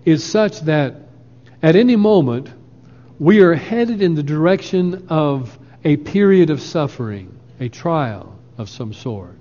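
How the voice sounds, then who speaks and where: A man preaching a sermon in a slow, earnest way, quoting scripture at length. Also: fairly high pitch, expressive, dark tone. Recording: lo-fi with long hall reverb.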